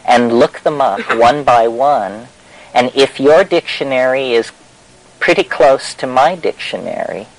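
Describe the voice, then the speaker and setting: A man's voice: medium pitch, poor audio. Wry, meandering man lecturing. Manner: wry, meandering and emphatic, with many fillers. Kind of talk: discursive spoken talk.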